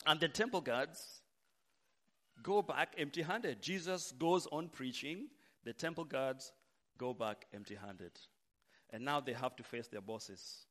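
Male preacher, unhurried sermon delivery, hushed lows and loud emphatic peaks. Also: very animated.

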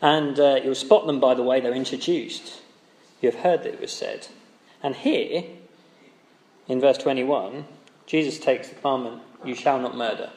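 A man delivers a sermon in a chatty, conversational tone, tossing out rhetorical tag questions. His voice sits at an ordinary middle pitch. The sound is roomy, with the echo of a church hall around him. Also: moderate pace, darkish tone. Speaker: preacher.

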